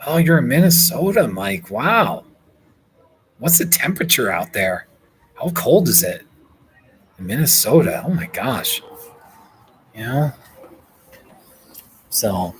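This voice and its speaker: Slow-talking man chatting live. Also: mid-range voice, big pitch swings, background noise. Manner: chatty, laughs often, thanks viewers by name. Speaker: livestream host reading viewer comments. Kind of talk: casual live chat. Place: hotel room.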